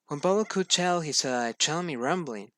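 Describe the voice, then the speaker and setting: A man reads a children's story aloud as a class assignment, stumbling with frequent fillers and restarts. His voice sits a little high. The recording is dry and close. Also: expressive, moderate pace, sharp tone, no room sound. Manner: hesitant with many fillers and restarts. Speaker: student.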